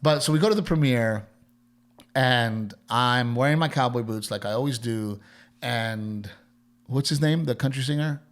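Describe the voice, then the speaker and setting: A comedian spins a casual story on his podcast. He rambles, stops and restarts, and speaks at an everyday middle pitch. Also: moderate pace. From Texas. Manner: rambling, animated, lots of fillers and restarts.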